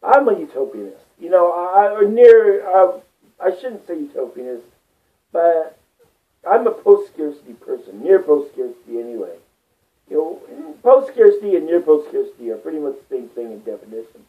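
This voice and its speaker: A man's voice: a little high, sing-song, normal speed. A man rambling through a personal monologue, swearing often and getting worked up as he talks. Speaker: vlogger. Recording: distant tinny phone-like sound.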